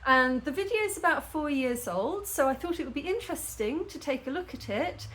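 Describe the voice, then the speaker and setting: A woman's voice: sits high, lively intonation, brisk, a bit bright. A woman casually reacting to a travel video, chatty and jokey, laughing often. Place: indoors at home.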